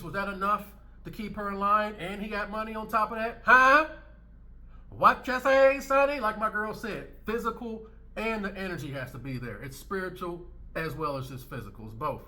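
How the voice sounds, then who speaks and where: A man's voice: high-pitched, brisk, hardly any pauses, sharp tone. A man hosting a commentary channel, reacting to clips in a blunt, emphatic way and hammering his points home by repeating them.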